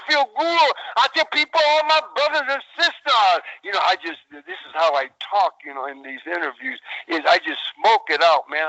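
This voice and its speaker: A man's voice: sits high, gravelly, pushed and bright, dry recording. An older man, a retired wrestler, telling stories as a podcast guest, rambling and repeating words, calling the host brother and man. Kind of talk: animated storytelling interview. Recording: dull phone-like call line.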